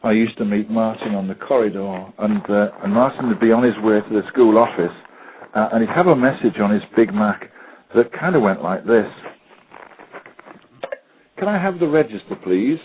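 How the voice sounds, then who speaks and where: Give me a low, husky trainer presenting a webinar, hesitant, over a tinny line. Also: male voice, brisk, background noise. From United Kingdom. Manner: hesitant, lots of ums, anecdotal. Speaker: special needs technology trainer.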